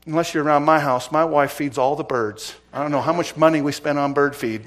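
A middle-aged man preaching as pastor, asking the congregation pointed questions and swinging between loud emphasis and quiet asides. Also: on the high side, brisk, hardly any pauses. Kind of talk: sermon.

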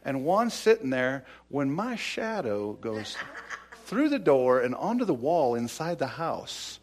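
A man's voice: medium pitch, big pitch swings, unhurried. A middle-aged man preaching a sermon in a conversational way, with many fillers and restarts as he tells stories. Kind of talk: sermon with personal storytelling.

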